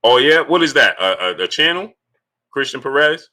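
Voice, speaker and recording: A man's voice: medium pitch, big pitch swings, normal speed, pushed and bright. A man hosting a casual sports livestream, greeting viewers by name and repeating himself as he talks. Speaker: livestream sports host reading Super Chats. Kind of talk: casual live-stream talk.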